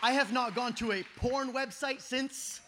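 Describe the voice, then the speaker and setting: A man in his thirties preaching an energetic youth sermon at a camp meeting, telling stories that swing from shouting to hushed. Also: extremely high pitch, unhurried, over a noisy crowd, very noisy. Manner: animated storytelling, shifts from shouting to hushed.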